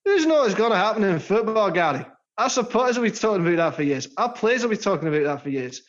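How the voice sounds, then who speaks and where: A man doing a gruff Glasgow football manager. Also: high-pitched, big pitch swings, fast talker, voice pushed up. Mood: blustery. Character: older Scottish male football manager, gruff. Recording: slightly dull lo-fi sound.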